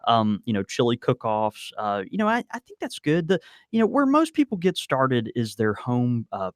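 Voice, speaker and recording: A man co-hosting a casual podcast, talking in a halting way with many fillers and restarts. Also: medium pitch, no echo, studio quality. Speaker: podcast co-host. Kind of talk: casual chat.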